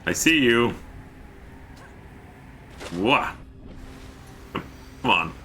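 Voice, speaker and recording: A man's voice: mid-range voice, animated, drawn-out words, pushed and bright, a little hiss or hum. A man streaming a game, chatting casually, joking and reading chat messages aloud. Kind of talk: casual gameplay commentary.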